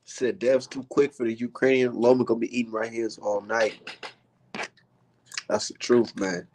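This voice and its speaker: A man's voice: mid-range voice, normal speed, a little hiss or hum. A man giving a heated, profanity-filled boxing rant on his vlog. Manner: heated, animated, swears constantly. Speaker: boxing vlogger. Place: indoors, maybe art studio.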